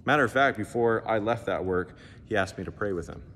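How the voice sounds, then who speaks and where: A man's voice: lowish voice, brisk, slight background noise. A male pastor from the United States preaching a sermon, telling stories and acting out the dialogue. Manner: animated storytelling, acts out dialogue. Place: church hall. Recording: echoey hall, faint ambience.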